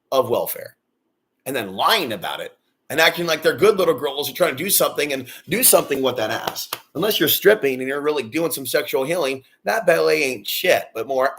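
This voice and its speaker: A man's voice: medium pitch, fairly bright tone. A man in his forties on a personal vlog, ranting bitterly and swearing a lot. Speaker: vlogger. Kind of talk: angry personal rant.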